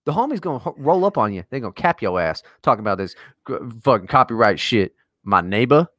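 A man's voice: medium pitch, fast, no room sound, studio quality. A man co-hosting a podcast in casual chat, ranting and swearing with lots of energy. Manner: profane, ranting, animated. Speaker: podcast co-host.

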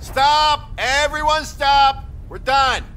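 An actor playing a gruff male shooting-range master who barks orders and rambles crudely with fillers, in video game dialogue. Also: very high voice, takes it slowly, background noise. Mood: shouting.

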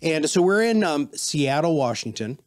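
A man with a slightly high voice tells stories on a podcast as a guest. He is animated and acts out the people he quotes. His talk stays casual and conversational throughout. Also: moderate pace. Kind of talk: casual interview storytelling.

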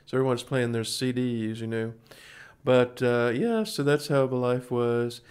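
A man's voice: medium pitch, unhurried, darkish tone, smooth. Folksy rambling man in his forties. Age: 40s. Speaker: singer hosting a music livestream. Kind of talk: casual livestream chat between songs.

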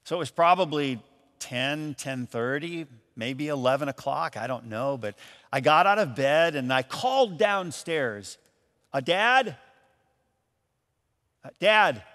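A man from Michigan preaching a sermon as pastor, telling a story in a lively, animated way and acting out the voices in it. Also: medium pitch, a little slow, in a large hall. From Michigan, USA. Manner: storytelling, animated, acts out calls and quotes. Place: church.

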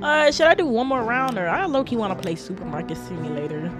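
A young woman streaming a game live, reacting loudly and profanely with casual commentary. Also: on the high side, animated, quick pace, over music.

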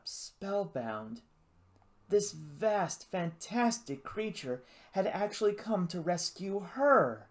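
An audiobook narrator reading an adventure novel aloud in an expressive storytelling manner. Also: medium pitch. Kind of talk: scripted narration.

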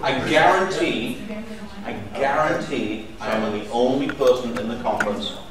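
A man's voice: medium pitch, normal speed. Fifties man presenting on stage, bantering with the crowd, picked up from afar in a roomy hall. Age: 50s. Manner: chatty, joking with the audience. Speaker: conference speaker. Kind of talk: live conference presentation. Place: large conference hall. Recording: echoey hall, mic at a distance.

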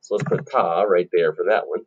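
A man's voice: a little fast, slightly rough, muffled recording. A male music teacher giving a recorded lesson to children, friendly and encouraging, explaining patiently. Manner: friendly and encouraging, explains patiently, sings short phrases high up.

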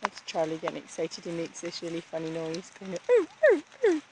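A woman filming her dogs by a river in the woods and chattering to them in an excited, cooing running commentary on a handheld camera. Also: low-pitched, quick pace. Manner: excited, coos and calls to the dogs. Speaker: dog daycare owner walking dogs. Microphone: handheld camera she is filming with. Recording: noisy outdoor river recording.

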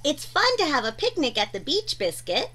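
A woman reading a children's picture book aloud in a gentle, sing-song way, chatting to her dog between pages. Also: high-pitched, huge pitch swings, moderate pace. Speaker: storyteller.

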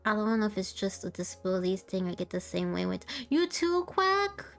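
A woman streamer in a casual chat with her live chat, tired and with a sore throat, soft-spoken and laughing often. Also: mid-range voice, very animated, a little fast, vocal fry, soft background music. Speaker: VTuber streamer.

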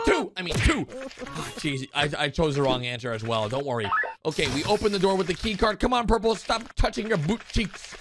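A young man narrates a cartoon in a high, bouncy voice that swings all over the place. He gets excited easily, shouts and gasps as things happen, and loud music plays under his words. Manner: excitable, often shouting and gasping. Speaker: animation narrator.

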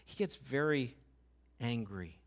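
A man preaching a sermon as pastor, talking in a conversational, animated way with quick asides and repeated restarts. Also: mid-range voice, gravelly. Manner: acts out what God and others say.

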